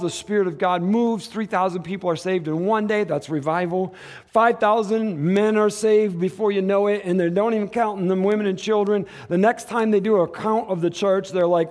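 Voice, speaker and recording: Pastor, male, fairly high voice, casual animated sermon delivery with acted-out asides.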